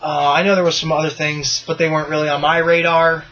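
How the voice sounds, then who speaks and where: A man's voice: a little high, fast talker, highs cut off. A man hosting a podcast in casual chat, loose and profane, ranting with energy. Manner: loose, profane, animated rants. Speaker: podcast host.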